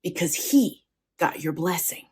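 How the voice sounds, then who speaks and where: A woman voicing an old blind father, doubtful and questioning, with drawn-out hums. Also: fairly low pitch, expressive, darkish tone, slightly rough, heavily acted.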